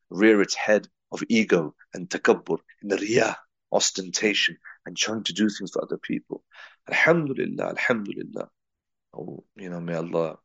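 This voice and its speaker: A man's voice: low voice, creaky, breathy edge, no room sound, highs cut off. A man from England giving a reflective spiritual talk, telling a personal story and weaving in Arabic and Urdu religious terms. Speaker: religious teacher.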